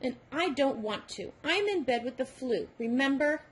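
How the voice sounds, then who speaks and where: A tired, grumpy boy in a storybook, complaining slowly with a lively, bouncing voice, as a woman reader puts him on. His voice sits on the high side. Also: husky. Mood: weary. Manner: slow, complaining. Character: tired, grumpy boy who hates math.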